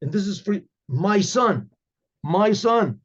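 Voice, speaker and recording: A man voicing a rough-tempered adult male carriage driver, retold in a storyteller's quote. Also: high voice, lively intonation, slow, lo-fi sound, voice pushed up, heavily acted. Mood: remorseful.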